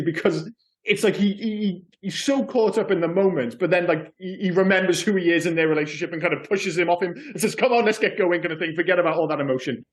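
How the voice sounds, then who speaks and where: A man in casual podcast chat with a voice pitched a little above the usual. He sounds enthusiastic and rambles eagerly, stacking asides as he goes. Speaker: podcast co-host.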